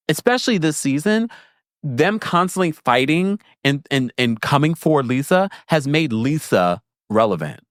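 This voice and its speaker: Male host for a reality TV recap stream, sassy and lively, dry close-miked sound. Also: a little high, no echo. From Jamaica. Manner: animated, sassy commentary reading chat comments. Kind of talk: casual reality TV recap livestream.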